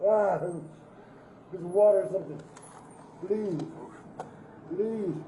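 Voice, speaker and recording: A man's voice: sits high, slow, mellow, reverberant, slight background noise, rough recording. A man out of breath and in pain, groaning and pleading while held on the ground outdoors. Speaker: man restrained by police. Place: outdoors on a street.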